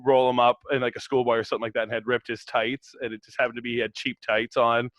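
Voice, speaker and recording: A man's voice: medium pitch, little pitch movement, quick pace, fairly bright tone. A man co-hosting a podcast, chatting casually and recapping a wrestling show with plenty of fillers and easy laughs. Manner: laid-back, lots of fillers and laughs. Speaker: podcast co-host.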